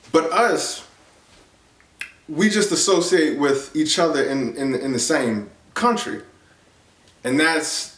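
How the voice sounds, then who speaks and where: A man from the United States talking in a casual, earnest monologue, rambling with many fillers and restarts. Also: recorded from a distance. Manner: grows animated and higher when excited. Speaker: vlogger. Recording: echoey room, off-mic.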